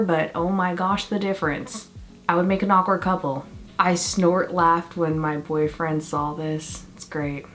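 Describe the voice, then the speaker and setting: A young woman vlogging a makeup tutorial in a casual, chatty and self-mocking way, full of quick asides. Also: mid-range voice.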